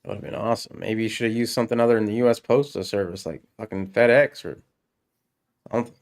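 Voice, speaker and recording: A man's voice: on the low side, steady tone, fast talker, gravelly. A man hosting a casual chat, laid-back, laughing often and swearing freely. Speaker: podcast host.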